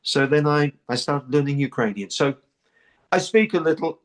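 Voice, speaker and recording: A man's voice: a little high, expressive, normal speed. A man from New Zealand, an actor being interviewed, talks casually and often repeats words and restarts his sentences. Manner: repeats words and restarts, many "you know".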